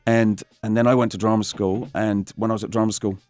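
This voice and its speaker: A man's voice: lowish voice, brisk, dry recording, faint music behind. A man from Essex, England, with an Essex English accent, an actor telling stories as a guest and slipping into voices. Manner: animated storyteller, slips into voices. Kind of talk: casual interview chat.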